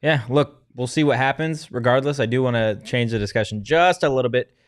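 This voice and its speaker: A man hosting a casual sports talk show, steering the discussion in a relaxed way. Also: mid-range voice, a little fast. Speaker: host.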